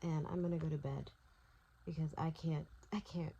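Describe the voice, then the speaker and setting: The recording is lo-fi with background noise, and her low voice stays fairly even at a normal speed. Worn out and tearful, this young woman chats to her phone at home at night in a casual vlog, swearing freely as she gushes about a book.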